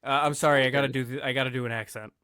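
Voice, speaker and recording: Man, podcast host, casual wrestling narration, smooth clear voice, dry close sound. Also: medium pitch, fairly even intonation, rapid-fire, bright, forceful tone, no room sound. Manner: laid-back, stumbles and self-corrects, self-deprecating.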